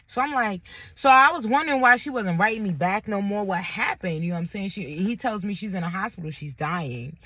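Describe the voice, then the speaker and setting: A woman's voice: medium pitch, expressive, brisk, sharp tone, no room sound. A young woman, candidly retelling a personal story in a vlog, with lots of quoted dialogue and blunt language.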